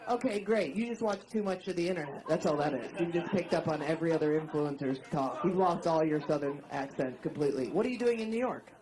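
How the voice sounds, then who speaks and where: A young adult woman stand-up comedian doing crowd work, teasing an audience member in a quick voice that keeps breaking into laughter. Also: sits low, animated. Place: comedy club stage before a live audience. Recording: live club with loud crowd.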